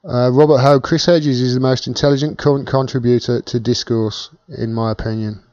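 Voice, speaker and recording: A man's voice: medium pitch, steady tone, brisk, darkish tone, no echo, lo-fi sound. A British man hosting a casual live-stream Q&A, chatting and thanking viewers by name as he reads their comments.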